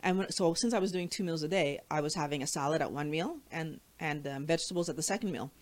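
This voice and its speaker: A woman talking casually as co-host, chatty and quick to laugh at herself. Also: low voice. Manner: chatty, laughs easily, self-correcting. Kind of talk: casual chat.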